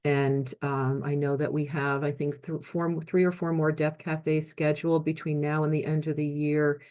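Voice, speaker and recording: A woman's voice: low voice, level tone, normal speed, darkish tone. A woman hosting a foundation webinar on a video call, thanking guests graciously and rambling through announcements with many ums. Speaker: host and moderator.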